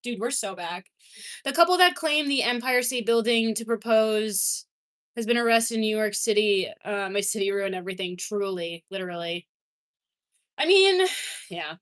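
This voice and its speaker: A woman's voice: medium pitch, expressive, normal speed, a bit bright. A young woman from Canada chatting casually on a livestream, reading chat comments, swearing and laughing easily.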